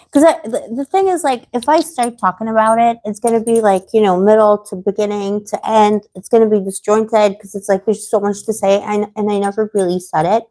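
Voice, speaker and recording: A woman with a slightly high voice and a darkish tone hosts a tarot livestream, chatting casually and answering viewers. She rambles and grows heated as she vents.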